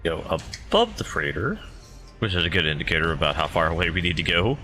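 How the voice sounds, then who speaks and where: A man's voice: low voice, very animated, fairly quick, pushed and bright, faint music behind. A man giving rambling, self-deprecating commentary while playing a video game. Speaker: gamer. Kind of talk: casual gameplay commentary.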